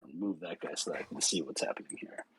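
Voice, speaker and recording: A man narrating a tabletop game as game master, unhurried, with many fillers. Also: low voice, a bit bright, husky, no room sound, rough recording.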